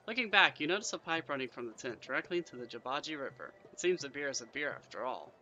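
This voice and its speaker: A man's voice: medium pitch, big pitch swings, fast talker, pushed and bright, highs cut off, soft background music. A man reading a fantasy gamebook aloud, narrating in second person with chatty asides. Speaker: gamebook player and reader.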